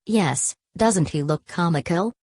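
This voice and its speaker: A woman's voice: lowish voice, expressive, a little slow, a little mellow, slightly rough, no echo, studio quality. A woman reading the part of a languid society woman who speaks in a mild sing-song.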